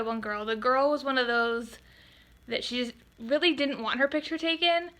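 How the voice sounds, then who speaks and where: A woman photographer telling a storytime vlog, animated and exasperated, quoting customers in quick voices. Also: fairly high pitch.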